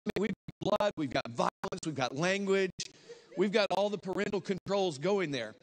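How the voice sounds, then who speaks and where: A man preaching a sermon as a lively story, acting out the people in it with sudden shouts and stretched-out words. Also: high voice. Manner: animated, acts out voices with shouts and drawn-out words. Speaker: guest preacher.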